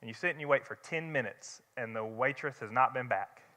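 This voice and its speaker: In a church hall with a long reverb, a young man teaches a Bible study in a chatty style, asking rhetorical questions and restarting his sentences. His mid-range voice is brisk with a sharp edge.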